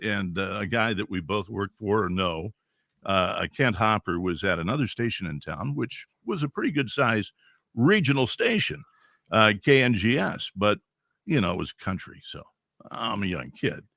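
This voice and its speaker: A man in his sixties from Central California, a veteran radio DJ telling stories as a podcast guest in an animated, chuckling way. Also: on the low side, moderate pace, dry recording, clean studio sound. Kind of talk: casual storytelling.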